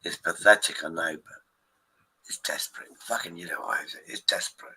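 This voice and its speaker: Bright-voiced man, rambling and swearing. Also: sits low, steady tone, normal speed, breathy edge, whispered, rough recording. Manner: swears freely, rambling with many restarts. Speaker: live stream host. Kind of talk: rambling casual chat with viewers.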